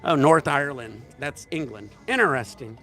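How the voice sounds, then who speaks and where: A man's voice: mid-range voice, lively intonation, normal speed, music in the background. A man hosting a casual livestream, telling rambling, profane stories at a resort bar. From United States. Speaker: livestream host.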